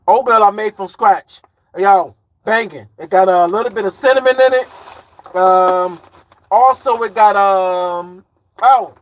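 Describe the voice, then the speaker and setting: A high-pitched man in his forties from Chicago, a truck driver who livestreams, chats loosely on his stream and reads comments aloud in slangy, rambling talk. The recording is dry.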